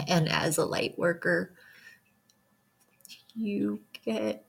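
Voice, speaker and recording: A woman speaking to her viewers in a halting, emotional way, close to tears, as a spiritual vlogger reflecting on loss. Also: low voice, steady tone. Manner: halting, emotional, with many pauses and fillers. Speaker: spiritual vlogger, self-described light worker. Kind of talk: casual reflective talk to viewers.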